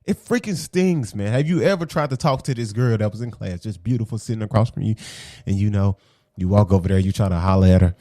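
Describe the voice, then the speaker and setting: A man giving a casual, animated basketball opinion rant for his video channel. He repeats his points, drops slang and keeps asking "okay?". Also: lowish voice, fast, dry recording, clean studio sound. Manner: slangy and conversational. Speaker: sports commentary vlogger.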